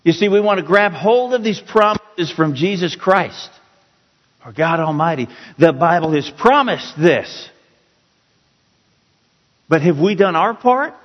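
A man teaching a Bible passage as a pastor, slow and emphatic, repeating key words for his listeners. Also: high voice, expressive. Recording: dull, roomy hall sound.

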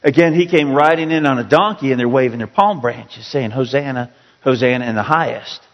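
A man preaching a sermon, reading scripture slowly and rising to pleading emphasis. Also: mid-range voice, highs cut off. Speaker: pastor. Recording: long reverb of a large hall.

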